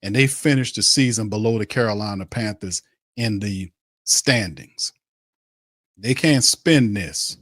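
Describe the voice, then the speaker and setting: A man's voice: fairly low pitch, measured pace, a bit bright, no echo, studio quality. A man hosting a sports podcast, delivering a blunt, heated, profane rant that hammers the same points home.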